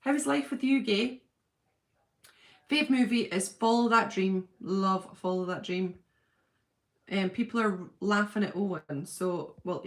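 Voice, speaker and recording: Chatty woman hosting a home livestream. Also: mid-range voice. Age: adult with a husband and school-age children. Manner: chatty, gushing, thinks aloud with many fillers. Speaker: livestream host reading viewer comments. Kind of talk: casual live-chat.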